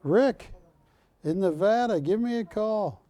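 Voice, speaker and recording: A man hosting a live shopping channel, pitching art to callers with persuasive repetition. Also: expressive, slow, mellow, no echo. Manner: persuasive, repeats words for emphasis. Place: TV studio.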